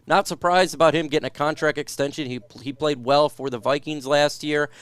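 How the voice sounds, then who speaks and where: A man's voice: on the high side, steady tone, brisk, a bit bright, clear, resonant tone. A man hosting a casual sports talk stream, reading viewer questions aloud and then giving his own take. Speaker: podcast host reading live chat.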